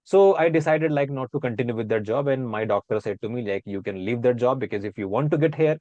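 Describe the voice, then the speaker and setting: A man's voice: mid-range voice, fast talker, few pauses, mellow, no echo, dull audio. A man with an Indian accent, chatting casually as a guest and explaining pronunciation by repeating example words aloud.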